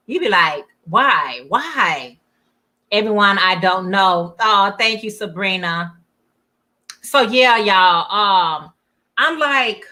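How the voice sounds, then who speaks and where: A woman's voice: mid-range voice, pushed and bright. A middle-aged woman hosting a casual livestream, chatting and reading comments aloud, often saying "y'all". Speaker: livestream host.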